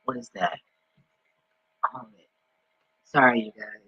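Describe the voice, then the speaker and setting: A man talking off the cuff in a vlog, rambling and excitable, swearing often as he reads and reacts. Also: medium pitch, takes it slowly, slightly rough, dry recording, highs cut off. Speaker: vlogger.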